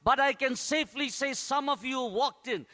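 A man's voice: extremely high pitch, normal speed, pushed and bright. A man preaching a sermon as a pastor, earnest and repeating phrases for emphasis.

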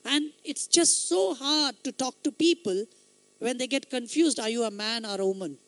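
A man whose light, high voice is often mistaken for a woman's preaches a sermon, telling stories emphatically until they swell into loud exhortation. He speaks at a moderate pace, and the recording is dry.

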